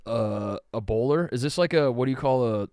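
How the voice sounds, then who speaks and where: A man hosting a casual sports podcast, trading jokes and quick comebacks with his crew. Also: medium pitch, darkish tone, clean tone, no room sound, studio quality. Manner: joking banter, quick comebacks. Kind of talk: casual chat.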